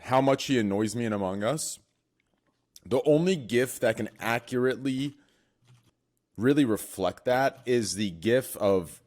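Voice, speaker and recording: A man chatting on a streamed podcast over a voice call, loud and swearing, with bursts of excited shouting. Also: mid-range voice, measured pace. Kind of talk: casual podcast chat.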